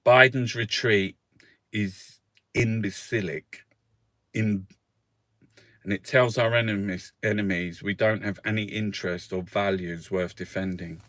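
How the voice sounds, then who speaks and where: A man's voice: lowish voice, fairly even intonation, a little slow, fairly bright tone, no room sound. A man hosting a casual newspaper review, rambling and swearing freely, with frequent laughs. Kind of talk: casual chat.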